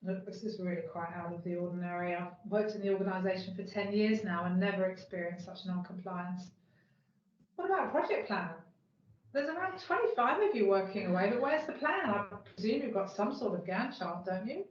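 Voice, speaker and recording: A woman's voice: medium pitch, brisk, natural voice. A woman playing an exasperated strict PMO manager. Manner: exasperated, indignant complaining. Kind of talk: amateur workplace role-play. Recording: echoey room, dull lo-fi sound, faint noise.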